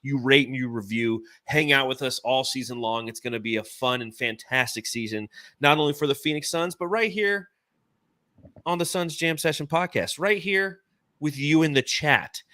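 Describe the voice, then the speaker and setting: A man in his forties hosts a casual sports podcast, talking in an animated, rambling, enthusiastic way. His mid-range voice moves at normal speed, and the recording is dry with clean studio sound.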